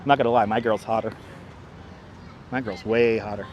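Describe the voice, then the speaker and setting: A man's voice: on the low side, steady tone, a little fast, muffled recording, a little hiss or hum. A man hosting a casual walking livestream outdoors, sarcastic and chatty, greeting viewers by name into a clip-on mic. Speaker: livestream host. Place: outdoors on a city street. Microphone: wireless clip-on mic.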